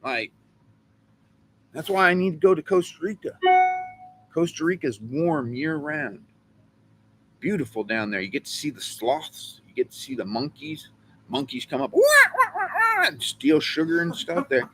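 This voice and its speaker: A man's voice: on the high side, moderate pace, pauses often, a little hiss or hum. A man from California chatting on a livestream, rambling and joking as co-host. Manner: rambling, excitable, jokey. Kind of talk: casual livestream chat.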